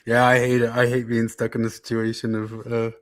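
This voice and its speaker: A man co-hosting a casual livestream, telling animated stories and laughing often. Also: medium pitch, fairly quick, no room sound. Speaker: podcast co-host.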